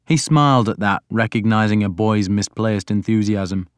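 A man giving a deliberate, even first-person audiobook narration. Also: fairly low pitch, clear, resonant tone, no echo, clean studio sound.

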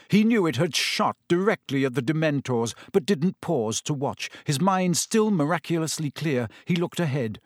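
A man narrating a storybook with a lively, expressive reading. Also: medium pitch, no room sound, clean studio sound. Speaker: audiobook reader.

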